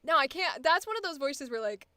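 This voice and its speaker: A woman's voice: high-pitched, animated, brisk, sharp tone, dry recording. A young woman voice actor chatting casually in a coaching session, rambling with many fillers and laughing often. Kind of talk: casual chat.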